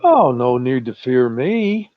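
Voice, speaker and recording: Slow-talking man on a muffled voice chat. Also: medium pitch, very animated, dry recording. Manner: slow, drawling storyteller, chuckles often. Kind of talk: casual chat.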